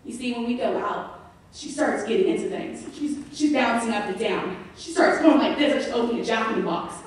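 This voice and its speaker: A young woman doing a stand-up comedy set, animated storytelling with acted-out quotes, recorded from a distant camera in a club. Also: a little high, fairly quick. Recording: echoey venue heard from far off.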